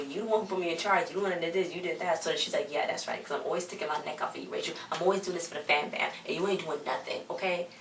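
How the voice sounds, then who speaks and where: A young woman recapping a TV episode in casual chat, quoting characters with animated asides. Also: sits low. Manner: chatty, quotes characters in exaggerated asides. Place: home in a hot desert city. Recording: roomy, distant mic with faint hiss.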